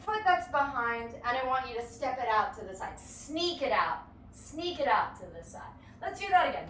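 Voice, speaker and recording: A woman's voice: high-pitched, a bit bright, distant mic, a little hiss or hum. A woman teaching a live-streamed dance lesson, counting beats aloud in a playful, encouraging way. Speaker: dance instructor. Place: home or studio room. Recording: echoey room, voice from afar.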